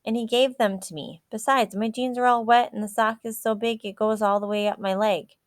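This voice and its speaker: A cheeky little girl in a children's storybook, as a woman reader puts her on, high and singsong. She taunts and digs in her heels, and the recording is dry and close. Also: fairly even intonation, brisk, dry recording, close to an everyday voice. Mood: stubborn.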